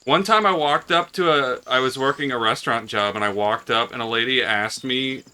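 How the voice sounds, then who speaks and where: A young man co-hosting a game playthrough, swearing freely and telling stories in a sardonic, animated way. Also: medium pitch, moderate pace, clear, resonant tone. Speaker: let's play co-host. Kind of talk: casual gaming chat.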